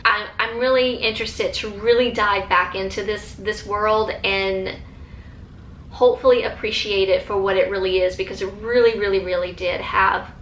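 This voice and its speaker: Bright-voiced chatty woman in an echoey room. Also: mid-range voice, steady tone, moderate pace, a little hiss or hum. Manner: enthusiastic, chatty, many fillers and restarts. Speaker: book vlogger. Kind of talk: casual chat.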